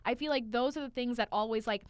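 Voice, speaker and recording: A woman co-host talks at a rapid clip in a slightly high voice. She tells stories with animated energy, acts out her own past lines and swears casually. The sound is dry and close, with no room echo. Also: clean tone. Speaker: podcast co-host and trainer. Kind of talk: casual chat.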